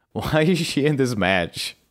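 A man co-hosting a wrestling podcast, chatting casually and recapping a match as an animated storyteller who swears freely. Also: medium pitch, takes it slowly. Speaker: podcast co-host.

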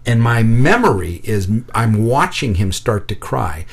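A man telling a personal story in casual conversation, lively and animated, acting out the voices of the people in it, with frequent restarts. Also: fairly low pitch, a little slow, husky.

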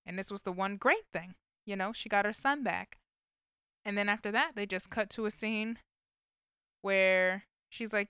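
A woman with a bright, forward voice talks casually, filling her retelling with likes and you-knows. Her tone is very smooth and clean, recorded close and dry with no room sound. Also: medium pitch, moderate pace, dry recording. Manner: chatty storytelling with many fillers. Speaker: vlogger recapping a movie. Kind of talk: casual chat.

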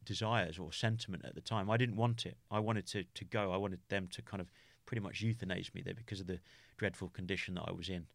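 As a podcast guest, a UK man recounts a hard memory in an interview, his low voice steady in tone yet creaky. The recording is dry and close, with no room sound or echo. He stumbles, restarts often, and leans on "you know" while searching for words.

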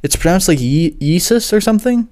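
A man's voice: sits high, expressive, a little fast, darkish tone. A young man, a music producer who gives lessons online, tells a rambling, swear-heavy story full of fillers. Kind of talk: casual storytelling monologue.

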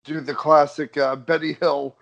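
A man's voice: a little high, flat delivery, normal speed, gravelly, fairly bright tone, highs cut off. A man co-hosting a casual wrestling recap, making profane, chuckling asides. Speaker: podcast co-host.

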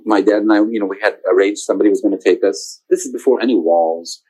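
A man's voice: on the low side, fast, poor audio. A man in his forties, an interview guest telling a long personal story in a casual way, acting out what other people said and laughing often. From United States. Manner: animated, quotes others in lively voices, laughs often.

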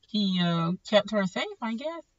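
A podcast host chatting casually about an anime, rambling and animated and often correcting themself mid-sentence. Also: medium pitch, measured pace, distant mic, slight background noise. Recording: dull, lo-fi sound from slightly off the mic.

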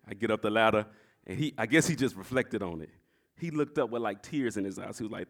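A male pastor preaching a sermon in a church, telling a story and repeating phrases as he builds to shouts. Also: fairly low pitch, animated, fast talker.

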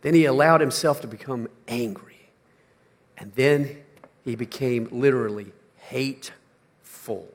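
An older man preaching a sermon, moving from quiet, low-key talk to loud, shouted emphasis. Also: a little slow, long pauses, in a large hall. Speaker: pastor.

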